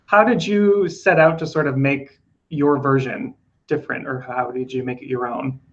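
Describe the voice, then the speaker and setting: A man's voice: mid-range voice, steady tone, moderate pace, dull audio. A man interviewing an actor, asking eager, fan-like questions.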